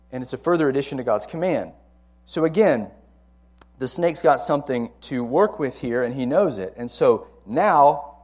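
A man's voice: on the high side, a little mellow. A man teaching a Bible lesson to a college ministry, speaking conversationally and repeating key words for emphasis.

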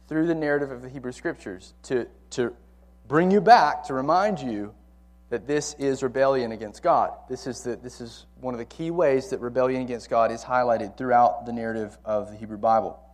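A man's voice: mid-range voice, normal speed, darkish tone. A man teaching a Bible lesson to a college ministry, speaking conversationally and repeating key words for emphasis.

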